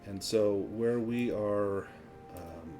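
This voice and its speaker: A man narrating a tabletop role-playing game as game master, descriptive and unhurried, pausing with fillers. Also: on the low side, dark tone, faint music behind.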